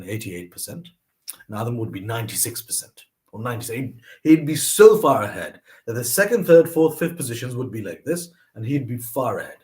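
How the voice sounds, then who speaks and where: A young man telling personal stories about lessons from his mother, acting out the voices of the people he quotes. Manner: animated, acts out quoted voices with pitch jumps. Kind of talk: personal storytelling monologue.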